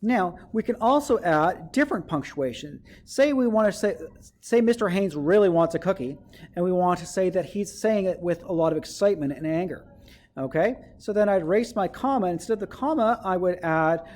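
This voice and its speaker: A man's voice: sits high, lively intonation, fairly quick, darkish tone. A male teacher giving a writing lesson to children, explaining step by step and often checking in with "okay?".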